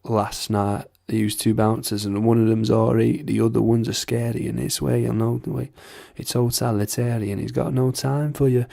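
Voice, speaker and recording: A man's voice: mid-range voice, little pitch movement, normal speed, vocal fry, hardly any pauses, warm tone, no echo, studio quality. A man imitating a young Sheffield indie singer with a Sheffield accent, telling a wry street story.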